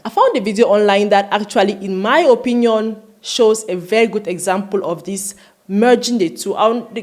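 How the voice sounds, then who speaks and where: A woman vlogger giving earnest, emphatic commentary, slowing down to stress her points. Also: medium pitch, darkish tone. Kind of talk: opinion commentary.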